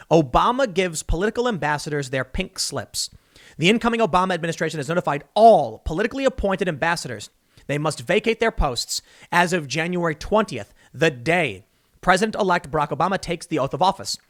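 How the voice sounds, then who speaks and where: Animated man doing political commentary. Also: on the high side, fairly quick. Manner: emphatic, sarcastic, reads news excerpts aloud.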